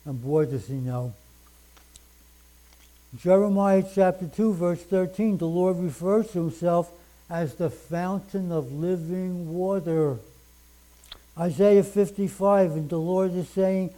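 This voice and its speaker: An older man preaching a sermon, reading scripture slowly and with emphasis. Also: on the high side, dark tone, low-quality recording.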